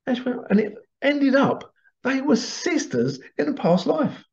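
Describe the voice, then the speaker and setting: A man who leads past life regression workshops, telling stories in a chatty, animated way. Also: very high-pitched, unhurried. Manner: chatty, animated, laughs often. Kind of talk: casual storytelling promo. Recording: dull lo-fi recording.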